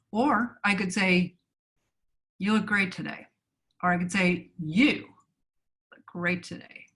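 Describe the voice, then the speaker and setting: A woman's voice: mid-range voice, fairly bright tone. Woman coach, webinar co-host; conversational, acts out sample lines. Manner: explains with acted example lines, many fillers.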